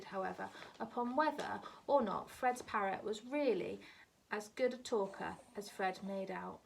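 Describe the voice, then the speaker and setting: Gravelly teacher reading a story aloud. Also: female voice, mid-range voice, far from the mic, slight background noise.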